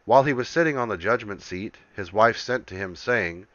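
Male scripture reader, solemn and measured, lowish bright voice, dry, slightly dull recording. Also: expressive, no echo.

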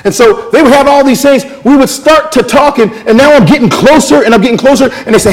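A man preaching a sermon, jumping between shouted scripture and quiet, folksy asides as he tells stories. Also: very high-pitched, quick pace, hardly any pauses. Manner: animated, swinging from shouted scripture to near-whispered asides; folksy, conversational storytelling.

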